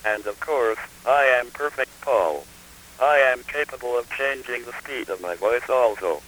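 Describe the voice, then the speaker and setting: A synthesized male voice from an automated phone information system, reading scripted announcements in a clipped, even, computerized delivery. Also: medium pitch, normal speed, rough recording. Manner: clipped, evenly paced machine delivery. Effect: text-to-speech synthesis.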